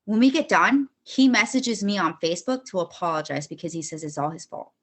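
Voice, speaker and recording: Blunt, bright-voiced woman telling her story. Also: on the low side, brisk. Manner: blunt, swears often, retells arguments in quotes. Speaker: podcast guest. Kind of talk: candid personal storytelling.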